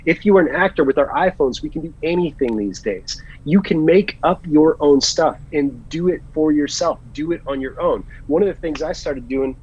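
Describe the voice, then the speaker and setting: A man, an actor, chatting as an interview guest, telling animated stories and giving earnest advice. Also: a little high, normal speed, hardly any pauses, breathy edge, highs cut off. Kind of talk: casual interview chat.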